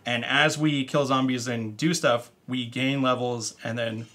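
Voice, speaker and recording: A man's voice: medium pitch, steady tone, a little slow, a bit bright. A man hosting a casual board game stream, explaining the rules in a rambling, easygoing way. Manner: rambling, restarts often, laughs along.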